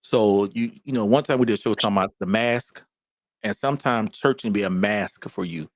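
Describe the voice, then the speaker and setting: A man co-hosting a casual podcast about faith, talking in a lively, emphatic way and often repeating himself. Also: on the low side, a little fast, no echo. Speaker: podcast co-host.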